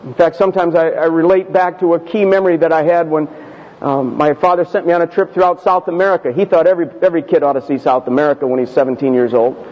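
A male pastor telling a personal story in a sermon, conversational and self-deprecating, slowing down for emphasis. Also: fairly high pitch. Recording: dull audio with long hall reverb.

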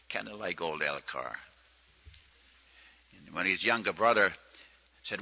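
Older guy preaching, folksy stories, kinda tense bright tone, muffled old tape. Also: low-pitched, expressive, slow pace, gravelly, pauses often, slightly rough, dry recording. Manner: folksy storytelling, acts out quoted prayers. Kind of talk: sermon teaching. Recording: muffled lo-fi recording.

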